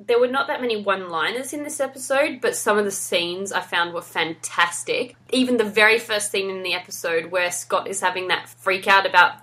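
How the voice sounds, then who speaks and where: Bright-voiced woman podcast host. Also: medium pitch, brisk, few pauses. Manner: enthusiastic, recounts scenes and quotes. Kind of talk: casual podcast recap.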